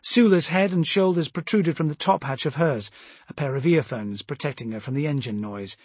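A man giving steady, measured first-person audiobook narration. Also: fairly high pitch, breathy edge, dry recording.

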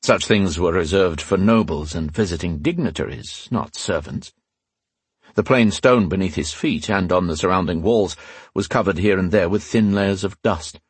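Deep husky male narrator. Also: normal speed, no echo. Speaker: audiobook narrator. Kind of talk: scripted fantasy narration.

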